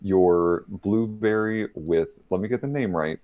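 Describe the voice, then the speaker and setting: A man's voice: fairly low pitch, unhurried, narrow, tinny audio. A man hosting a livestreamed podcast over a video call, playful and self-mocking, laughing often as he chats. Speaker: podcast host. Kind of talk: casual livestream podcast chat.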